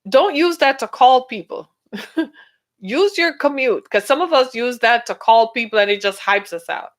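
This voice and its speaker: A woman hosting a casual relationship-advice talk, animated, laughing often and acting out little dialogues. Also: a little high. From United States. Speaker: podcast host.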